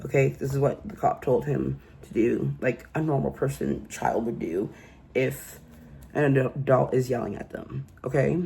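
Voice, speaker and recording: A man's voice: mid-range voice, expressive, a little slow, creaky, dark tone, husky. A man casually recapping a true crime case in a rambling, incredulous way, full of fillers.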